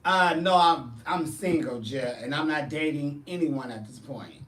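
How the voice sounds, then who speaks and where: Animated man telling profane stories. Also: a little high, a little slow, roomy sound, recorded from a distance. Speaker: drag performer and show host. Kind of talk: casual chat answering viewers.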